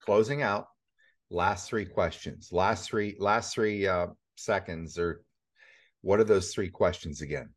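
A middle-aged man hosting a conversational interview, talking in animated bursts that rise to emphatic peaks. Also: sits low, a little slow. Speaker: host.

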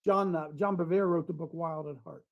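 Fiery high-voiced man preaching. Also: steady tone, fairly quick, highs cut off. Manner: preachy, swings from quiet asides to shouting. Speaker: radio show host. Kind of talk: fiery talk-show monologue.

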